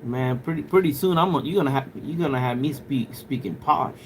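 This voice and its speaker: This male livestreamer talks fairly quickly at medium pitch, and a little hiss or hum is audible. He chats casually and rambles to his viewers, addressing chat directly with loose, profane talk and lots of filler words.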